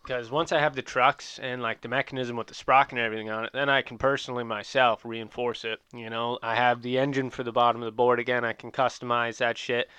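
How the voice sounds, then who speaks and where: A young man chatting casually, telling rambling, profane stories and getting loud when amused. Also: medium pitch, level tone, fast, hardly any pauses, smooth, no echo. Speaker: podcast host. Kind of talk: casual chat.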